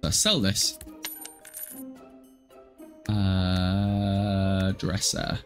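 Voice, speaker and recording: A man's voice: deep voice, flat delivery, drawn-out words, creaky, faint music behind. A man in his twenties casually commentating a life-sim game live, chatty, swearing freely and answering chat. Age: 20s. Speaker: game streamer.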